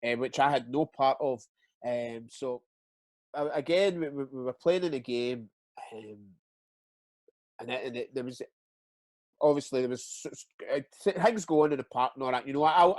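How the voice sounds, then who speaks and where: A man's voice: mid-range voice, moderate pace, darkish tone, dry recording. A Scottish man, a retired footballer, tells stories in a casual interview. He swears freely and often stumbles and repeats words. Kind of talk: casual storytelling chat.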